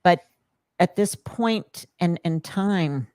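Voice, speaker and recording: Middle-aged woman podcast host, low voice, earnest personal storytelling, dry close mic. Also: slow pace, no echo. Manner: earnest, animated, quotes herself and others.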